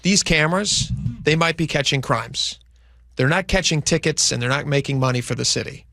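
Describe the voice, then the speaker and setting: A man co-hosting a talk radio show, arguing his points emphatically, his pitch jumping on stressed words. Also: normal speed, sharp tone, dry recording, clean studio sound. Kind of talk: opinionated talk radio chat.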